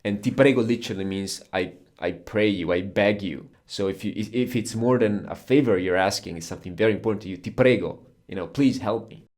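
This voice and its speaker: A man's voice: on the low side, fairly quick, few pauses, a little mellow. A man whose first language is Italian, explaining words patiently in a casual podcast lesson and laughing easily. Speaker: Italian teacher.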